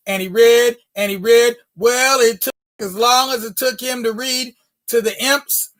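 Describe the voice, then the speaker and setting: A woman storyteller telling a folk tale to an audience with dramatic, drawn-out delivery. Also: a little high, a bit bright.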